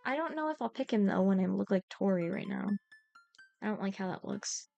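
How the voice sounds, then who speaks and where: A young woman streaming a game, reading its lines aloud and chatting in a giggly, scattered, excitable way. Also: medium pitch, a little fast, creaky, lo-fi sound, soft background music.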